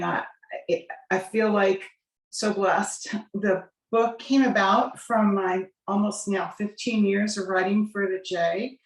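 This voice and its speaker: A woman cookbook author giving a casual talk about her book on a video call, chatty with quick asides. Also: medium pitch. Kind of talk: casual presentation. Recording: roomy audio from far off the mic.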